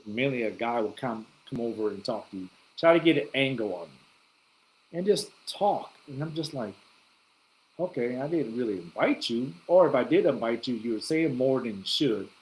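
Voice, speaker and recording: A man's voice: medium pitch, a little mellow, poor audio. A man talking casually to camera, telling stories in a loose, conversational way with plenty of swearing and acted-out reactions. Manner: acts out his own reactions in quoted asides. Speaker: vlogger. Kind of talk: casual storytelling monologue.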